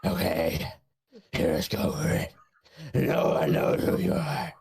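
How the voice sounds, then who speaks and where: A menacing caped vigilante who hisses in a breathy, rasping half-whisper, as a podcast host puts him on. The voice swings wide in pitch and creaks along slowly. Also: male voice, big pitch swings, darkish tone, heavily acted. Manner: hoarse half-whispered growl.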